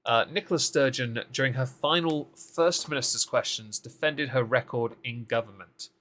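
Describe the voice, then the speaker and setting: A man chatting through the week's political news on a live stream, heavy on sarcasm and dry mockery. His voice is bright and forceful, right up on a desk microphone. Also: mid-range voice, normal speed. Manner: sarcastic, mocking asides. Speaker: co-host of a political recap show.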